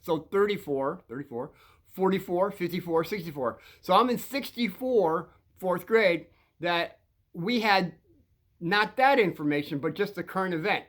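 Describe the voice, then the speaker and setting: A man's voice: sits high, normal speed, a bit bright. A man in his sixties telling rambling stories to kids, restarting sentences often and chuckling between thoughts. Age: 60s. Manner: meandering, with frequent restarts and chuckles. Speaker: show host talking to kids. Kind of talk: rambling anecdotal storytelling.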